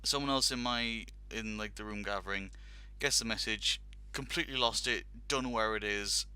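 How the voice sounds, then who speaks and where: Speaking at a moderate pace, a man with a fairly low, smooth and sharp-toned voice hosts a casual talk show. With no room sound in the recording, he tells a lengthy funny anecdote, laughing and acting out the quotes.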